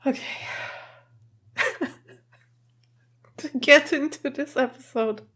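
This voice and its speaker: A woman's voice: high-pitched, slow, a bit bright. A woman hosting a casual reaction vlog in a room at home. She sounds emotional and teary, chatty and giggly, and keeps her voice down. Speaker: reaction video host.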